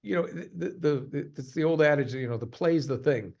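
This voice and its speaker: A voice actor being interviewed, talking in a halting, animated way in casual chat. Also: male voice, fairly high pitch, vocal fry. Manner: animated, halting, jumps to quick voice demos. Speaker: voice actor guest. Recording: slightly muffled, lo-fi sound.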